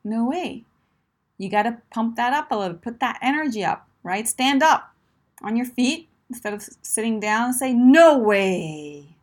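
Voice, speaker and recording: A woman's voice: on the high side, normal speed. A woman coaching listeners in a direct advice talk, emphatic and encouraging, often checking in with "right?" and "my friend".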